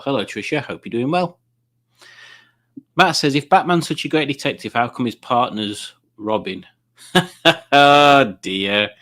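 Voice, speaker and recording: A man's voice: medium pitch, fairly bright tone. Jokey man hosting a live stream. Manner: jokey, rambling, chuckling at puns. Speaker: live-stream quiz host. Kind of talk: casual live-stream chat reading out viewer comments.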